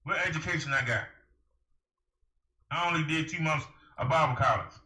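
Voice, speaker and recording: A man's voice: fairly high pitch, normal speed, bright, forceful tone. A man delivering a preachy, emphatic monologue to camera, firing rhetorical questions at the listener. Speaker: vlogger giving advice. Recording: echoey room.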